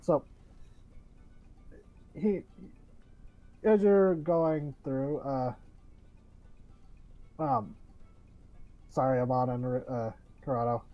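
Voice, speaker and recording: A man's voice: medium pitch, expressive, extremely slow, pauses often, soft background music. A man narrating as game master of a tabletop game, rambling with many fillers and restarts. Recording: dull lo-fi audio.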